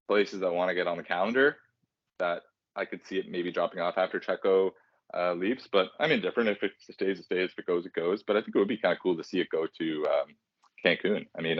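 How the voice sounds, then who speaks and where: A man with a very low voice co-hosts a casual podcast. He rambles, filling gaps with ums and joking at his own slips. The sound is dry and slightly dull. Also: fast talker, no echo. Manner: rambling, self-deprecating, casual filler-heavy. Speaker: podcast co-host.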